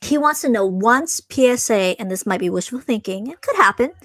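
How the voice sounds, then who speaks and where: A woman's voice: a little high, fairly quick, no echo. Bubbly woman hosting a livestream. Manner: bubbly, excitable, gushing. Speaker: host. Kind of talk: livestream Q&A chat.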